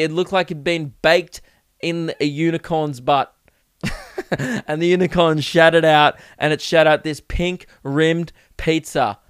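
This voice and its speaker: A young man rambles through a comic rant, swearing freely and mocking himself. His voice sits fairly high and sounds smooth and crisp. The recording is dry and close. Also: fairly bright tone, no echo. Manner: rambling, profane, self-mocking. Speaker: podcast host. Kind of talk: casual comedic monologue.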